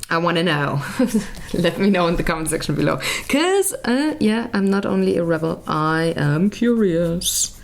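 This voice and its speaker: A woman's voice: fairly low pitch, creaky. A woman chatting casually while she colours, rambling and searching aloud for words, with self-mocking asides. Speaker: colouring vlogger.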